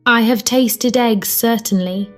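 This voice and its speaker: A woman's voice: a little high, takes it slowly, soft background music. A woman voicing a polite, earnest little girl in an audiobook, protesting and puzzled.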